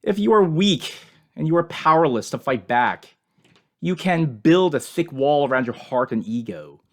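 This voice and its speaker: A man giving an earnest, measured scripture commentary as a Bible teacher, in short emphatic phrases. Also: a little high, lively intonation.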